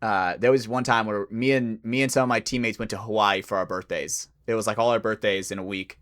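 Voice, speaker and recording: A man's voice: on the low side, fairly quick. A young man, a podcast co-host, telling a story in casual chat, swearing and acting out the people he quotes. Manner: animated, swearing, acts out quoted voices.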